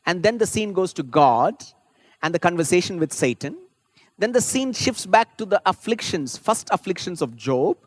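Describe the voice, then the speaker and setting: A man's voice: fairly high pitch, dry recording. A man preaching a sermon as a pastor, earnest and rising to fervent emphasis. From India.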